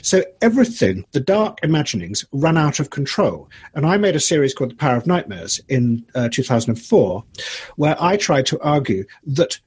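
Very husky, animated man. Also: a little high, normal speed. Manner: musing, argumentative, many restarts. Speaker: documentary filmmaker, guest. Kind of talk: animated interview talk.

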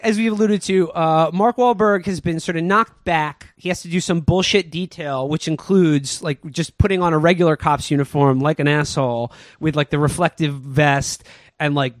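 A man's voice: on the high side, moderate pace, no echo. A man co-hosting a podcast, rambling through a comic movie recap full of fillers and asides. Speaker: podcast co-host. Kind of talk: casual comedic movie recap.

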